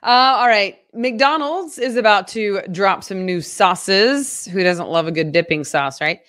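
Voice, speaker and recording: A woman's voice: mid-range voice, measured pace, fairly bright tone. A woman co-hosting a local news podcast, chatty and upbeat, reading headlines and then riffing on them. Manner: chatty, upbeat, reads stories then riffs.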